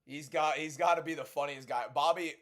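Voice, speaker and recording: A young man from the UK hosts a live fight watchalong stream, chatting casually into a desk mic. His voice sits a little high for a man, and he reacts excitedly, talking straight to his viewers. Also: brisk. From United Kingdom. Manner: excitable, laughing hard, talking to chat.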